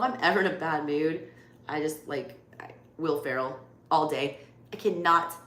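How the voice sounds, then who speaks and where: A tarot reader with a Southern US accent does a live reading in casual chat, blunt and swearing freely. Her voice is lowish with a fairly bright tone. The room is echoey, with faint background noise.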